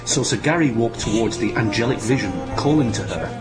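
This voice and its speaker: A man's voice: mid-range voice, fairly quick. A man hosting and narrating a comic pantomime, with grumbling, sarcastic asides. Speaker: host and narrator. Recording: narration with music behind.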